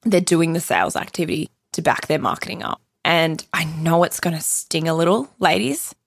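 A woman talks straight into the mic on her solo podcast, her voice low with a gravelly edge. She's blunt, opinionated and swears casually. The sound is close and dry, with no room around it. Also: moderate pace, no room sound. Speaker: podcast host.

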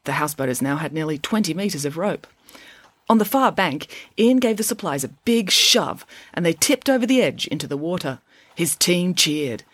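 A woman reading a children's chapter book aloud in an expressive storytelling voice, close to the microphone. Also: fairly low pitch, moderate pace, no echo. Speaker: audiobook reader.

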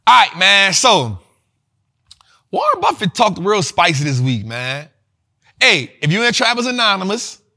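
A man's voice: high voice, gravelly, pushed and bright. A man hosting a livestream about stocks, talking in loose slang and repeating himself as he urges viewers on. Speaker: host. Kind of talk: livestream finance talk.

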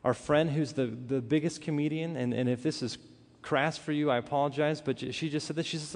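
A man's voice: on the high side, fairly quick, few pauses. Male pastor telling a story in an echoey hall. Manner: earnest, animated storytelling with many restarts. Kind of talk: sermon storytelling. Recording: hall reverb.

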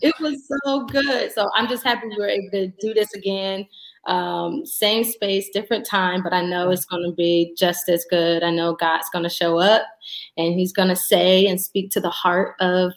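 A woman shares a personal faith testimony as an interview guest. Her telling is animated and she acts out the voices of the people in the story. The room adds a noticeable echo. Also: lowish voice, normal speed. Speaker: podcast guest.

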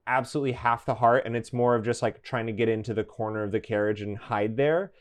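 A man playing a tabletop role-playing game, excitable and quick to panic in character. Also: mid-range voice, clear, resonant tone. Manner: excitable, talks fast when panicking. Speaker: player.

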